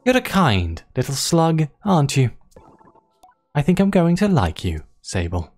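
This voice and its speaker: Player doing a soft cooing giant monster queen, motherly and doting, voice swoops up and down, faint game music. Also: medium pitch, big pitch swings, a little slow. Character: gentle giant female creature queen, motherly. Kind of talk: reading game dialogue aloud.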